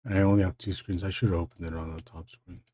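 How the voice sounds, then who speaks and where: A man's voice: sits low, level tone, fast talker, warm tone, no echo, clean studio sound. A man hosting a live stream, chatting casually and rambling, with frequent fillers and laughs. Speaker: live stream host and illustrator.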